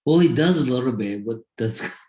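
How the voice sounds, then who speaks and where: Male podcast co-host, casual sports talk, excitable and rambling, mid-pitched, roomy echo around him. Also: brisk. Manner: rambling, excited, talks in bursts.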